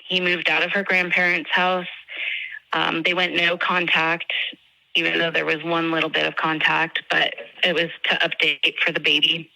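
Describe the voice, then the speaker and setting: A woman's voice: low voice, completely flat delivery, moderate pace, creaky, bright, forceful tone, dry recording, poor audio. A woman earnestly recounting a painful conversation with a friend, with many fillers and restarts. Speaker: friend of the victim.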